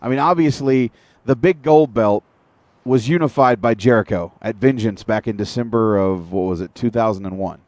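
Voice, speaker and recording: A man's voice: fairly low pitch, moderate pace, darkish tone, dry recording. Profane ranting wrestling-talk man. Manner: ranting, profane, detailed recaps. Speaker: podcast co-host.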